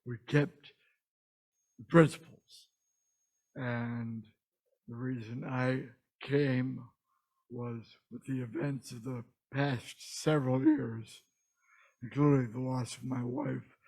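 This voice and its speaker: A man's voice: medium pitch, steady tone, slow, pauses often, a little mellow, poor audio. A man giving a brief, sincere testimony at a church service. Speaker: church member. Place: church sanctuary.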